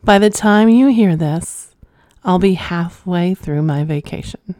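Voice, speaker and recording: Sultry low-voiced woman podcaster. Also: measured pace, dark tone, no room sound, clean studio sound. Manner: sultry, teasing, laughs often. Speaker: podcast host. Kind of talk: flirty adult podcast monologue.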